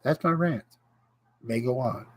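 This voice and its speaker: A man hosting his own livestream, ranting with indignation and pausing to greet viewers. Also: medium pitch, no room sound, low-quality recording. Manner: impassioned, indignant, greets viewers mid-rant. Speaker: livestream host. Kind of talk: casual livestream rant.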